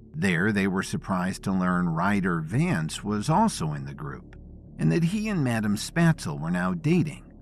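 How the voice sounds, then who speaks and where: A man narrating a story in scripted, expressive storytelling. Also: on the low side, creaky.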